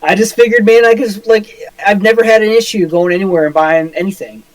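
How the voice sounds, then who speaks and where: A man's voice: sits high, fairly even intonation, fairly quick, no echo, low-quality recording. A man co-hosting a podcast in casual chat, rambling and swearing, with lots of filler words. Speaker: podcast co-host.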